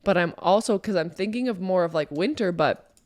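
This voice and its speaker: A woman's voice: on the low side, animated, fairly quick, a little mellow, no echo. Playful Canadian woman co-hosting a podcast. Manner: playful, laughing often. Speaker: podcast co-host. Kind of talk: casual chat.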